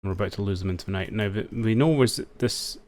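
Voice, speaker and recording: Low-voiced man casually narrating strategy gameplay. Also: fast talker, a little mellow. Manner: thinks aloud, wry and understated. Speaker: strategy game let's-player.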